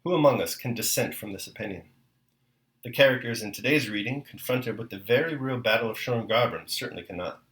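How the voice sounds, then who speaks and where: A man hosting a daily podcast, reading a novel aloud in a measured way and then reflecting on it. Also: mid-range voice, a bit bright, roomy sound, poor audio.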